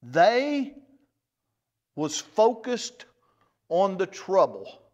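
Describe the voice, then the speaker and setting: A man teaches a Bible lesson in a folksy, unhurried way. His voice sits high and swings widely in pitch as he stops to repeat himself. The church recording sounds dull and lo-fi. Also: sing-song, darkish tone. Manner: folksy, repeats words, restarts phrases.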